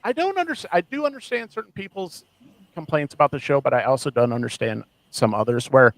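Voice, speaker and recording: A man co-hosting a podcast in casual chat, animated and laughing often as he mocks what he quotes. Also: mid-range voice, fairly quick, creaky, dry recording, low-quality recording. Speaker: podcast co-host.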